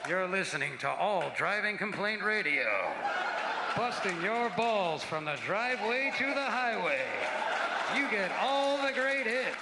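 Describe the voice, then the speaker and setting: A brash man tears through a stand-up routine on stage, his voice pitched fairly high and carried into a big echoing hall. Loud laughter from the crowd keeps washing over the live recording. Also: measured pace, heavy background noise. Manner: brash, animated storytelling with sudden put-on voices. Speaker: stand-up comedian. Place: large theater stage before a live audience. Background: loud audience laughter.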